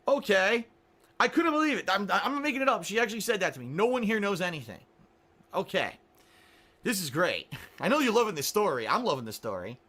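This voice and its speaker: High, lively man telling an exasperated story. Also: a little fast. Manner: exasperated, sarcastic, swears freely; rhetorical questions to listeners. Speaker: radio show host. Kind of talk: casual storytelling. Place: small studio.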